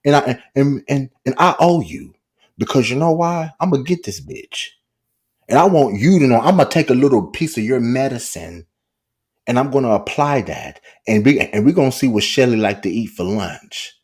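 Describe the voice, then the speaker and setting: A man's voice: medium pitch, a little mellow, breathy edge. A man delivering a furious, profane, taunting livestream rant.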